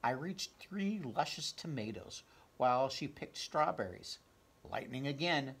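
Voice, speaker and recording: A man reading a children's picture book aloud, counting slowly and asking the listeners questions. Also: mid-range voice, expressive, fairly bright tone. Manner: clears throat, asks listeners direct questions, counts slowly. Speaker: storybook reader.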